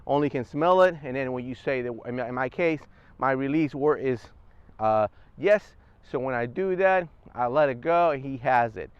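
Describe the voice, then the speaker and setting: A man's voice: mid-range voice, normal speed, clear, resonant tone, no echo, dull audio. A man casually explaining service dog training step by step in a vlog, recorded on a clip-on wireless mic.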